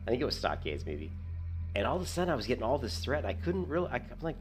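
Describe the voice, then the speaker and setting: A man chatting casually while gaming, telling animated stories and jumping up high when he quotes himself. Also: fast talker, soft background music. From United States. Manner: storytelling, jumps high when quoting himself. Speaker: gaming streamer.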